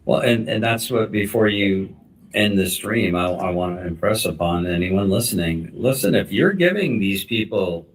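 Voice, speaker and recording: A man's voice: low-pitched, expressive, moderate pace. A man earnestly lecturing his viewers to stop giving attention to others, in a preachy, insistent way. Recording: voice from a distance.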